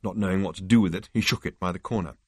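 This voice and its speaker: A man narrating a book chapter in a measured, dryly expressive reading voice. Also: low voice, breathy edge, dry recording, studio quality. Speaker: audiobook narrator. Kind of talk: scripted narration.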